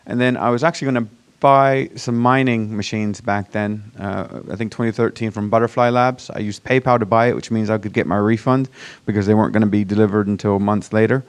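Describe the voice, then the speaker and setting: A man's voice: on the low side, fairly even intonation, fairly quick, few pauses, clear, resonant tone. Chatty man with a mixed American-British accent. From Virginia, US. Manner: chatty, self-deprecating, many fillers and restarts. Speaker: startup founder pitching to an audience. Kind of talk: casual conference presentation. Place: conference room before a live audience.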